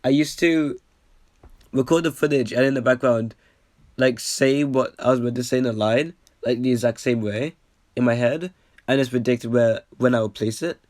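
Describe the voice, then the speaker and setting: A man's voice: medium pitch, normal speed, darkish tone, dry recording. Dry, rambling young man reacting. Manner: loose and rambling, with fillers. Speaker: YouTuber reacting to his old video. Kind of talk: casual reaction commentary.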